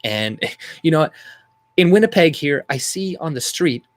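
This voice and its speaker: A man's voice: on the high side, animated, a little slow, no room sound. A man who rants about politics in a heated, rambling way and swears often. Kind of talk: angry political rant vlog.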